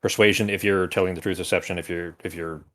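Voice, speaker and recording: Low-voiced man running the game. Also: steady tone, quick pace, a bit bright. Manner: chatty, explains rules with fillers. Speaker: game master. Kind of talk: running a tabletop game over voice chat.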